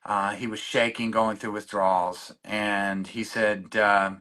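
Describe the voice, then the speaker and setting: Bright-voiced man telling his recovery story. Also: fairly low pitch, steady tone. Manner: halting, many restarts, openly emotional. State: choked up. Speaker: guest in recovery. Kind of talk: personal storytelling in conversation.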